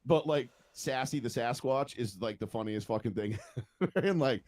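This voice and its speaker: A man's voice: mid-range voice, moderate pace, a little mellow. A man co-hosting a podcast, chatting casually, swearing freely and laughing often as he rambles. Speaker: podcast co-host. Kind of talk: casual profane chat.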